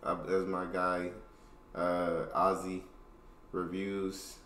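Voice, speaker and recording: A man with an American accent hosts a reaction video in a casual, slangy, upbeat way. His voice sits a little low, and the room sounds roomy with faint noise in the background. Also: completely flat delivery, very slow, fairly bright tone. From United States. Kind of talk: reaction commentary.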